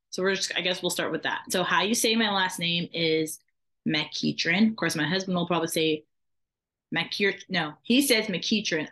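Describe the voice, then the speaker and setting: A woman's voice: on the low side, bright, forceful tone. A young adult woman, a podcast co-host, introducing herself in a chatty, rambling way with laughs. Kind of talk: casual self-introduction.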